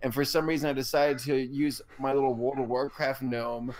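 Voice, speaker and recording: A man's voice: mid-range voice, level tone, normal speed, a little mellow. A young man from Georgia in the US, co-hosting a podcast and telling rambling, self-mocking stories. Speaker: podcast co-host. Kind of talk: casual chat.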